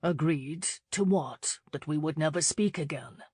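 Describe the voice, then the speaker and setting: A woman voicing a soft, insistent young gentleman. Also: low voice, level tone, moderate pace, no room sound. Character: brooding, intense young male suitor.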